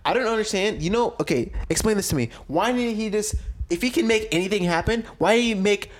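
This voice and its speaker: Brief: young male podcast co-host, jokey and laughing, slightly high voice. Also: expressive, brisk. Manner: jokey, laughs often, profane. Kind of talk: casual chat.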